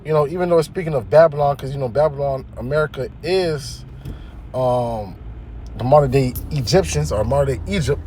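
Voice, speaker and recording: A man's voice: medium pitch, brisk, dark tone, a little hiss or hum. A man teaching scripture in a casual preaching style, reading verses aloud and explaining them in plain talk while often checking in with his listeners. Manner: conversational, keeps checking in with listeners.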